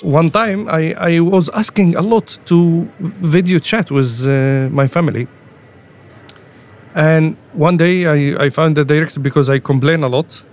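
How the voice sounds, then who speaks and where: A man speaking English, telling of his detention in halting speech full of repeated words and fillers. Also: on the high side, darkish tone. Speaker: interviewee, former detainee. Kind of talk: personal testimony. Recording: faint music underneath.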